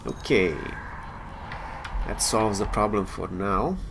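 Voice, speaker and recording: Male let's play host, low gravelly voice, loose joking commentary. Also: slow, noisy background. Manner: jokey and rambling, chuckles at his own jokes. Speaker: gaming channel host.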